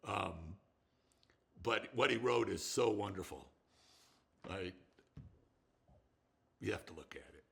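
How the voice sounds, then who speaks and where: Gravelly, husky older man reminiscing. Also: on the low side, animated, slow pace, pauses often, pushed and bright. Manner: rambling, profane, with restarts and laughter. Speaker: film director. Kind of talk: reminiscing interview.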